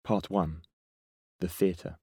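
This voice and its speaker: Male audiobook narrator, very deep voice, steady measured read, dry booth sound. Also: slightly rough, no echo, soft background music.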